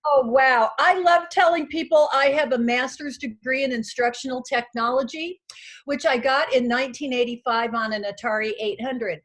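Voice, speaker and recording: A woman in her sixties gives a heartfelt, halting union speech over a video call from her small house, emotional and full of fillers. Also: high-pitched, fairly bright tone. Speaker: union president addressing a convention.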